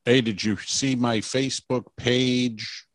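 A man's voice: medium pitch, steady tone, takes it slowly, no echo. A man co-hosting a podcast in casual chat, rambling through stories and laughing as he tells them. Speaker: podcast co-host.

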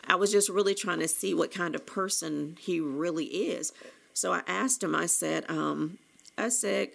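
A woman's voice: fairly low pitch, measured pace, gravelly, fairly bright tone. A woman candidly telling a personal story, rambling with restarts and quoting conversations as she goes. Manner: candid, rambling with many restarts and quoted dialogue. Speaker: author telling her own story.

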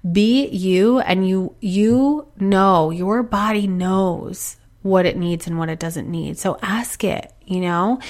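Earnest woman giving gentle advice. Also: lowish voice. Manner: earnest, encouraging, gently repetitive. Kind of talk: reflective solo advice talk.

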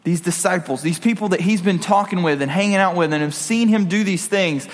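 High-voiced casual preacher in a reverberant hall. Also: male voice, brisk. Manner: conversational, jokey asides to the audience. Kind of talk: casual sermon.

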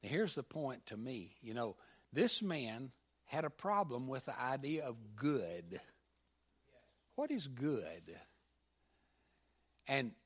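Brief: unhurried male preacher retelling a story in a sermon, halting, mid-pitched. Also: big pitch swings, husky. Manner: halting, with many fillers and restarts, voices the figures.

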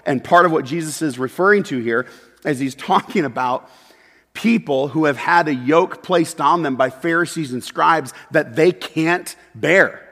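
A man preaching a sermon as pastor, moving between loud emphatic peaks and quiet, confessional asides. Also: a little high, a little slow. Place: church sanctuary. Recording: long hall reverb.

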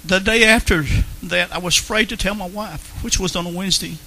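A man's voice: high-pitched, a little fast, vocal fry, sharp tone, rough recording. A man telling his personal faith testimony in an earnest way, repeating phrases for emphasis. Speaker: Christian testimony speaker.

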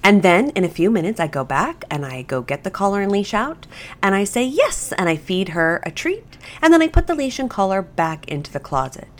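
A woman's voice: mid-range voice, big pitch swings, fairly quick. A woman who trains dogs, explaining the training step by step in a podcast monologue. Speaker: dog trainer.

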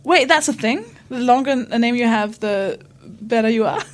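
A woman's voice: on the high side, moderate pace. A young woman comedian in casual chat, laughing often and acting out quotes.

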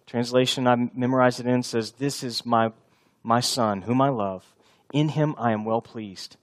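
Pastor, man, 30s, earnest sermon delivery, middle pitch, repeats key lines for emphasis. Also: steady tone, moderate pace.

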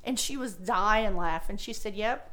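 A woman, co-hosting a casual chat and telling stories about her students, animated and laughing. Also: medium pitch, measured pace. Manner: animated storyteller, laughs a lot. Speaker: podcast co-host, teacher.

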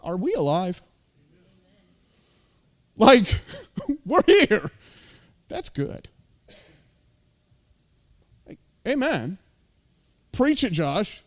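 A man's voice: sits high, huge pitch swings, extremely slow, long pauses. An American man preaching a sermon as lead pastor, intense and emphatic, with casual asides.

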